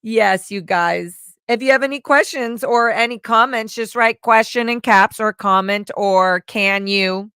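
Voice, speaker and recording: Woman, livestream host, chatty and giggly, unhurried, clean dry sound. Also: a little high, pushed and bright, smooth, dry recording. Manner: chatty and giggly, reads chat comments aloud. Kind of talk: casual live chat answering viewer questions. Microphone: microphone.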